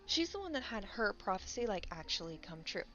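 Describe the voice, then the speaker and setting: Talking casually as she draws, a female content creator rambles, laughs a lot, and throws in quick acted-out voices. Her voice sits in the middle range with big pitch swings and a fairly bright tone, captured through a dull lo-fi mic over faint background music.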